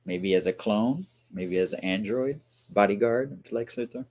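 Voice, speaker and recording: A man's voice: lowish voice, measured pace, a little mellow. A man hosting a movie watchalong, casually commenting on scenes, laughing often and playfully quoting the characters.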